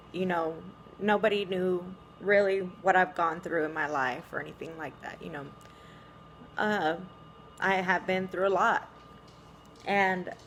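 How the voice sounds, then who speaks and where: A woman's voice: medium pitch, a bit bright, a little hiss or hum. A middle-aged woman talking reflectively to camera, with frequent small laughs and "you know"s. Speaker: vlogger. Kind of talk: casual spiritual monologue.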